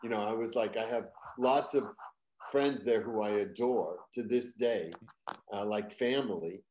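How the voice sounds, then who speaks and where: An older man from Boston with a trained neutral American accent, a guest comedian telling stories in an interview and slipping into loud put-on local voices for punchlines. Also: on the low side, a little slow, slight background noise. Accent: General American, trained out of Boston. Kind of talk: interview storytelling.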